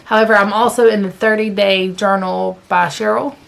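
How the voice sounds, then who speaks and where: A woman's voice: medium pitch, steady tone, moderate pace, gravelly. A woman chatting casually about her cross-stitch progress, rambling a little and correcting herself as she goes, sitting in a chair at home. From American South. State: hiccups. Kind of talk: casual chat.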